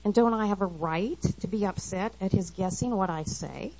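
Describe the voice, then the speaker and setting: A woman's voice: medium pitch, moderate pace, darkish tone. Earnest middle-aged woman, devotional talk. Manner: earnest, confessional, quotes scripture. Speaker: women's Bible study speaker. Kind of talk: devotional talk read aloud. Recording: slightly dull lo-fi recording.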